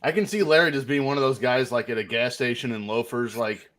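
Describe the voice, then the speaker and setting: A man's voice: medium pitch, a little fast, fairly bright tone. Playfully argumentative man co-host. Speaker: podcast co-host and story writer. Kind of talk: casual banter.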